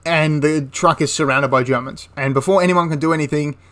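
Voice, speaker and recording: A man's voice: fairly high pitch, fairly quick, sharp tone. Chatty young man telling a history story. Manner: chatty, self-correcting, laughs at the story. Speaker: history channel host. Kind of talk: casual storytelling narration.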